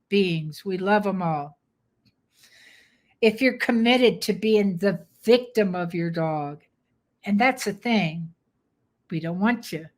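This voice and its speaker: An older woman dog trainer giving a live webinar pitch, firm, direct and plainspoken.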